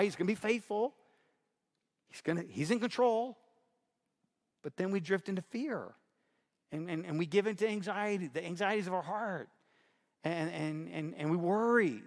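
A man's voice: a little high, big-room sound. A man preaching in a conversational, emphatic sermon style, often repeating himself.

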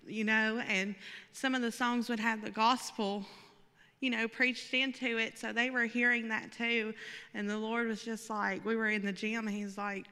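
A woman's voice: medium pitch, bright, forceful tone, clean tone, big-room sound. A woman who plays worship music thoughtfully sharing a testimony with a congregation.

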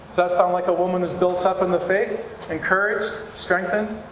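A man with a fairly high voice preaches to his church in an earnest, conversational way. His voice rings through a large hall with a long, lingering reverb. Faint room ambience sits underneath. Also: fairly even intonation, normal speed, a bit bright, muffled recording, a little hiss or hum. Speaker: pastor. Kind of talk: sermon.

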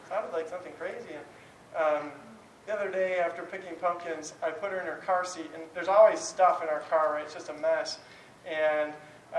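A man's voice: sits high, a bit bright. Chatty man teaching Bible in a roomy hall. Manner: candid, chatty, frequent chuckles and restarts. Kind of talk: informal talk to a class. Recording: roomy, distant mic, faint background noise.

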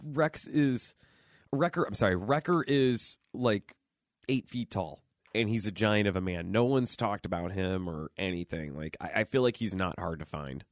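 A man co-hosting a podcast, joking in quick casual banter. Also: fairly low pitch, no room sound, clean studio sound. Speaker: podcast co-host. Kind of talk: casual chat.

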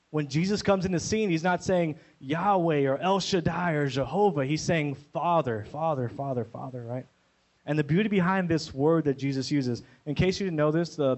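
Preaching casually like he's in conversation, a young pastor keeps tossing in a quick "right?" to engage his audience. He sounds slightly high-pitched for a man, captured on a low-quality recording.

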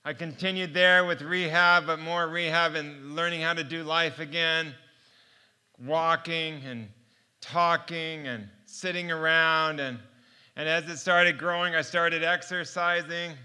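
A man in middle age gives a personal faith testimony, his voice pitched high for a man. He tells his story earnestly and often breaks into laughter. His tone is very bright and ringing. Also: steady tone, measured pace, clean tone. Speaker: speaker sharing his testimony.

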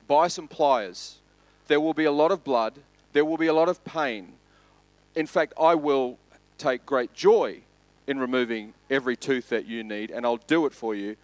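An Australian man voicing a dentist who pitches a deal in brisk salesman patter. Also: no echo, lightly acted. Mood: exasperated. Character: male dentist, salesy, growing exasperated.

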